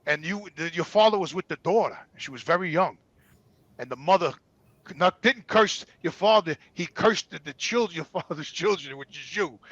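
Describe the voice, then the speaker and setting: The audio is dull and dry as a man in his sixties with a New York accent speaks at a normal speed in a slightly high voice. Casually and animatedly, he tells blunt, profane stories from his life as a talk show guest. He is from New York.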